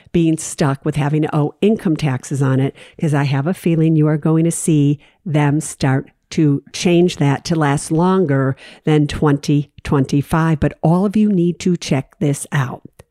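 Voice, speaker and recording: A woman with a low-ish, mellow voice hosts a money advice show. She talks straight to her listeners, emphatic and direct, and drives points home by repeating them. The sound is close and dry. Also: unhurried, dry recording. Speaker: financial advice host.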